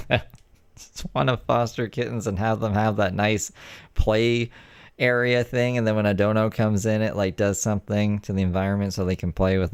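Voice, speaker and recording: A man's voice: fairly low pitch, no room sound, clean studio sound. A man streaming and reacting to other streams, laid-back and joking, swearing casually. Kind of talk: casual live-stream chat.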